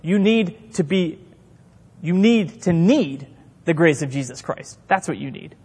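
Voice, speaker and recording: A middle-aged man preaching a sermon as a pastor, impassioned and animated, acting out quotes from the people in his stories. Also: a little high, unhurried, slightly rough, in a large hall.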